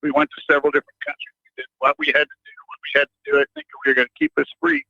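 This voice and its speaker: A male radio caller with a gravelly, sharp, bright voice rambles through a heated rant, full of fillers and restarts. The line sounds dry and muffled. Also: on the high side, sing-song, racing, no echo. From United States.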